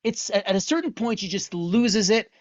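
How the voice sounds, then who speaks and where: A man giving an online lesson on Jewish texts. He tells the story in an animated way and asks many rhetorical questions. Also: high-pitched, normal speed, dry recording, dull audio.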